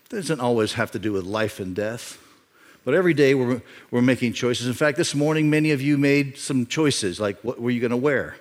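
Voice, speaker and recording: A man's voice: medium pitch, fairly quick. Emphatic male pastor in a reverberant hall. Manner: emphatic, repeats key phrases, swings from loud to quiet. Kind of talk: sermon.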